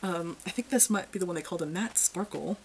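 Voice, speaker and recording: A woman's voice: on the low side, fast, a little hiss or hum, poor audio. A young woman giving a casual makeup review in a blunt, chatty, exasperated way. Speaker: beauty reviewer.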